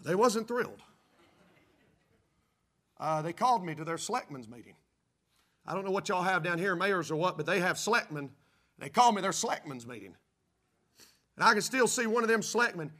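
Bright-voiced folksy preaching man. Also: high voice. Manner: folksy, rising to fervent preaching. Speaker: pastor. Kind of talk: storytelling sermon.

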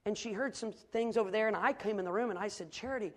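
A man's voice: high voice, fast talker. A middle-aged man preaching a sermon and telling a personal story in an earnest, folksy way, with frequent restarts.

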